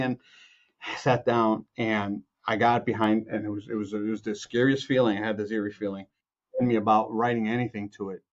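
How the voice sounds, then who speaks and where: Animated storytelling man, dull lo-fi sound. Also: fairly low pitch, a little fast. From Chicago, USA. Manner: lively, acts out quotes, frequent restarts and laughs. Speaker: music producer and film composer, guest.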